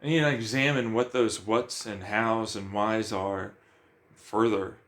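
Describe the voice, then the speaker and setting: A man's voice: on the low side, unhurried, a bit bright. A man talking bluntly about emotions in a casual, profane monologue, firing questions at himself.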